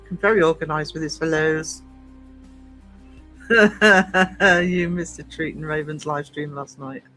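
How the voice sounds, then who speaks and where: A man's voice: fairly high pitch, a bit bright, rough recording. A man hosting a casual live stream, chatting and greeting viewers by name, with a cough now and then.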